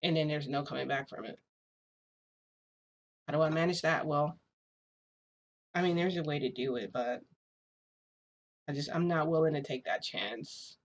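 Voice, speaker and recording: In a casual vlog, a deep-voiced woman talking at normal speed tells her viewers a rambling story, pausing often. She fills it with frequent "like" and laughs briefly between phrases.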